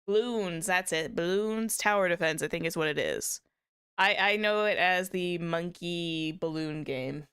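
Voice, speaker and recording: A woman's voice: on the low side, a little slow, fairly bright tone, clear, resonant tone. A woman streamer chatting casually with viewers, rambling with many restarts and small laughs. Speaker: VTuber streamer.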